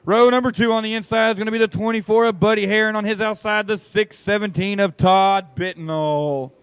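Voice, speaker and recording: An excitable man calls a dirt track race, his voice high and smooth. He jokes with the crowd between laps while race cars roar behind him. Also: fairly quick, dry recording. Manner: excitable, joking with the crowd, folksy. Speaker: race announcer. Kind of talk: live race commentary over a PA.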